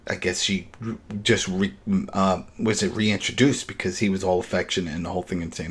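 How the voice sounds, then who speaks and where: Low-voiced man recapping casually. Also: steady tone, fairly quick, slightly rough. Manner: retells scenes with quoted lines, loose and chatty. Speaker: podcast co-host recapping an episode.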